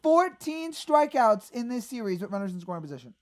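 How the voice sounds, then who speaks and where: A fed-up woman rants as a fan host, and her fairly high voice swings from low mutters to sudden shouts. She sounds worked-up and exasperated. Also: very animated, brisk. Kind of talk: angry fan rant.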